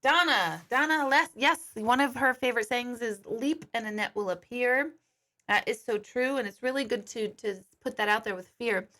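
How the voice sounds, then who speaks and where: A woman's voice: fairly high pitch, moderate pace, bright, forceful tone. A middle-aged woman, a psychic medium, talking casually and bluntly on a livestream, swearing freely and greeting viewers by name.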